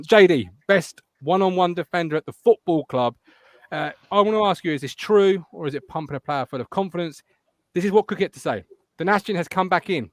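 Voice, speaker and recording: A man hosting a casual football podcast, chatty and quick to laugh, reading out viewer comments. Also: fairly high pitch, dry recording, studio quality. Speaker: podcast host. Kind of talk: casual live-stream chat.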